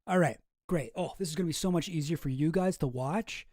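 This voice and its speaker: A man's voice: on the high side, brisk, a little mellow, no echo, studio quality. A man hosting a show, reading documents on screen in casual, profane, rambling commentary that mocks himself. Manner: profane, rambling, self-mocking. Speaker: show host.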